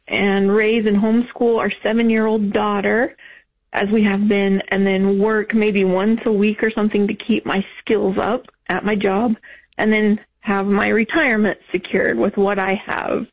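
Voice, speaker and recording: A tearful woman calls in over a tinny phone line. She speaks haltingly, stopping and restarting her sentences as the emotion catches up with her. Her pitch sits in an ordinary middle range. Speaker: caller.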